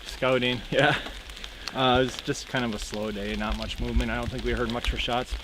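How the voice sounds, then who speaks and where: A man's voice: medium pitch, fairly quick. A man with an Upper Midwest accent casually telling how his day of hunting went, rambling with lots of ums. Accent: Upper Midwest American. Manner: relaxed, rambling, many ums and uhs. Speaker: fellow hunter. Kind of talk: casual recounting of the hunt. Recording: rainy outdoor noise.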